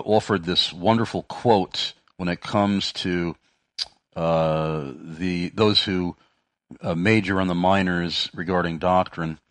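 Deep-voiced man hosting Christian talk radio, hesitant and halting, dry studio sound. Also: no echo. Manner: hesitant, many fillers and restarts. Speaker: radio show host. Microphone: studio microphone.

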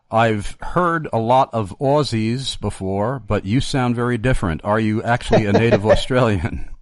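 A man hosting a show, reading listener questions aloud in an unhurried, slightly hesitant way. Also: lowish voice, no room sound, clean studio sound.

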